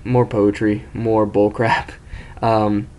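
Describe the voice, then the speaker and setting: A man's voice: on the low side, flat delivery, takes it slowly, a little mellow. A young man casually telling an embarrassing story as host of his own video series, rambling, self-mocking and swearing freely.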